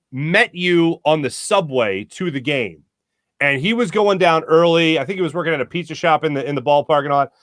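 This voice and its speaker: Male sports talk host, excited and gushing, fairly high voice, dry sound. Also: no echo. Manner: excited, gushing, animated storytelling. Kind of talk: enthusiastic interview chat.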